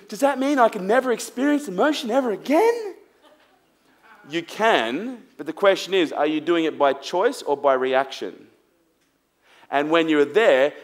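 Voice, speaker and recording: A man giving an emphatic seminar talk to a live audience, firing rhetorical questions and swearing bluntly. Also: fairly high pitch. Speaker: motivational speaker.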